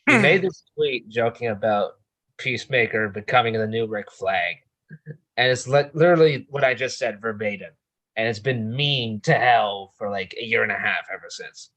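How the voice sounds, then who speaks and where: A man's voice: fairly low pitch, lively intonation, moderate pace, a bit bright, low-quality recording. A man in a casual discussion who jokes around and explains internet memes.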